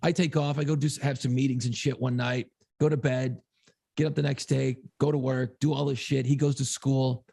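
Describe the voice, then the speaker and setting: A man co-hosting a podcast, telling a long story in a casual, profane, animated way. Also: medium pitch, normal speed, creaky, breathy edge. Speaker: podcast co-host.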